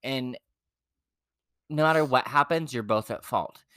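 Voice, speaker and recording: A young man co-hosting a podcast, telling his dating stories in a blunt, profane, animated way. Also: mid-range voice, a little slow, no echo, studio quality. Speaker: podcast co-host. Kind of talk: casual chat.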